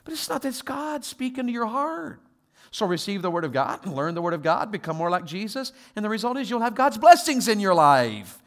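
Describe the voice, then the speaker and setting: A man preaching a sermon as a guest pastor, telling stories with quoted voices and moving from quiet asides to loud exhortation. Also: sits high, big pitch swings, fairly quick.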